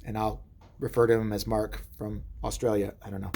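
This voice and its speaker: A man's voice: fairly low pitch, level tone, fairly quick, vocal fry, dark tone, a little hiss or hum. A man giving a rambling, joking comic monologue to camera from inside a shop, drifting off on tangents. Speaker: vlogger. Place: adult store.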